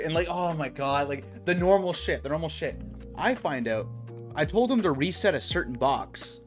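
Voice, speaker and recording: A man's voice: a little high, fast, soft background music. A young adult man streaming, telling a work story in casual chat, swearing and saying bro a lot.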